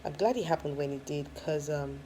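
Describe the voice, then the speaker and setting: A woman's voice: deep voice, brisk, mellow, a little hiss or hum, poor audio. A woman, a first-time mom, casually telling her own story with lots of fillers and frequent laughs. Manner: chatty, many fillers, laughs often.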